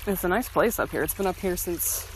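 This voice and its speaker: Man who is out of breath from a hike, chatty and laughing, with a high-pitched voice and faint water sounds in the background. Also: fairly quick, noisy background. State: out of breath from hiking. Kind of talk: casual vlog. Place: outdoors by a small waterfall. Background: trickling water.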